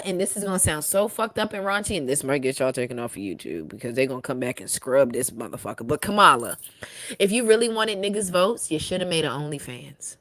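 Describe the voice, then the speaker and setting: A woman's voice: deep voice, animated, a little fast, a bit bright, no echo. Young woman ranting on a podcast, swears constantly, fired up, dry close sound. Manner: fiery, profane ranting. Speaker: guest co-host. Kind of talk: casual podcast chat.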